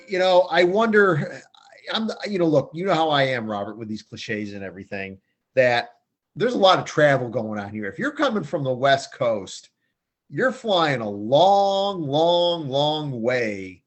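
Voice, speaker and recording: A man hosting a sports picks show in a chatty, jokey, rambling way. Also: mid-range voice. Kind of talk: casual sports picks chat.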